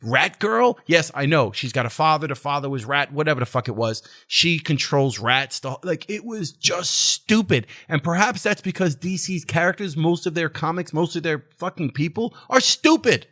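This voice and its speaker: A man with a fairly high voice delivers a casual film review rant. He is blunt, sarcastic and swears freely as he picks a movie apart. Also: animated, moderate pace, hardly any pauses, pushed and bright. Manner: blunt, profane, exasperated and sarcastic. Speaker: movie reviewer, channel host.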